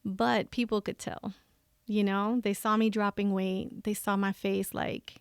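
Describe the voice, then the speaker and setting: On a podcast, a female guest tells stories candidly and animatedly, laughing often and acting out what she and others said, including her own quoted thoughts. Her medium-pitched voice is clear and resonant with some vocal fry, at a measured pace. The studio sound is clean, with no echo.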